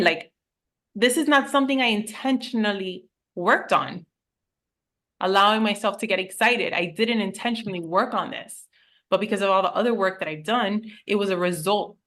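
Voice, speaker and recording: A woman's voice: medium pitch, moderate pace, fairly bright tone. A woman life coach in a casual podcast chat, telling personal stories candidly and with animation, swearing now and then.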